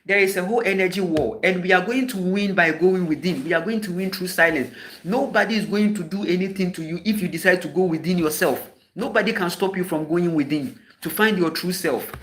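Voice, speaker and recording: A Ghanaian man giving an impassioned spoken address as a spiritual teacher, scolding and emphatic, hammering home points with repeated sharp rhetorical questions. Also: high-pitched, fairly quick.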